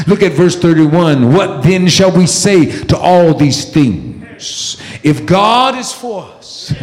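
Fiery high-pitched male preacher. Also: roomy sound, long reverb tail. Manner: fiery call-and-response preaching, rising to shouts. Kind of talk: sermon.

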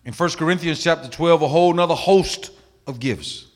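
A middle-aged male pastor preaching a sermon, emphatic, swinging from loud calls to hushed asides. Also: fairly high pitch, normal speed.

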